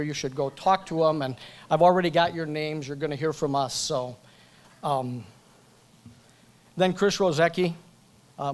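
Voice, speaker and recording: A man giving a joking, chatty acceptance speech at a banquet event, talking into a microphone and going off script. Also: fairly high pitch. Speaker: award recipient.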